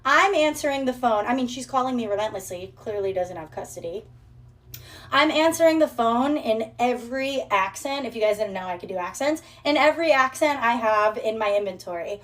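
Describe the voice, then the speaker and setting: A woman's voice: fairly high pitch, animated, a little fast, fairly bright tone. A woman vlogger telling a story in a brash, profane, sassy rant.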